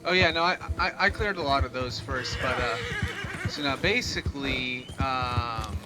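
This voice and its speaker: A man's voice: medium pitch, moderate pace, loud music behind the voice, poor audio. A man co-hosting a game stream, chatting casually and answering with short agreeing replies. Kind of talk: casual chat over gameplay.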